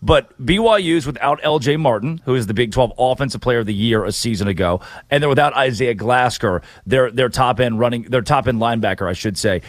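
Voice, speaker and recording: A man's voice: medium pitch, a little fast, hardly any pauses, no room sound. A man hosting a sports talk show, brash and joking as he gives his picks. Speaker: sports radio host.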